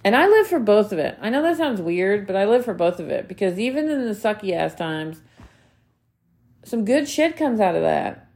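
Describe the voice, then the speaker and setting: On her solo podcast, a thirty-something woman delivers motivational talk with earnest emphasis, addressing listeners directly, repeating her main points for impact and swearing casually. She speaks at normal speed in a medium-pitched, sing-song voice that's a little mellow.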